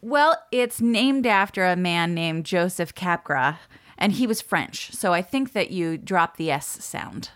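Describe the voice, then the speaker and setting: A woman with a slightly low voice co-hosts a casual podcast from home. She talks in a playful, self-mocking way and laughs often. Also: expressive, a little slow, a bit bright. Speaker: podcast co-host. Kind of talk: casual chat. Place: home, by the deck doors.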